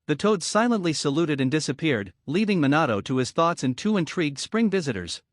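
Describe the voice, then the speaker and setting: A man giving steady, even scripted narration of a fan-fiction story. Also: fairly high pitch, fairly quick, few pauses, no room sound, clean studio sound.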